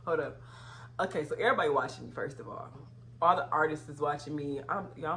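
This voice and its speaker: Young woman, casual storytime vlog, lowish voice, breaks into loud outraged retellings. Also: fairly quick, slight background noise. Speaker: vlogger.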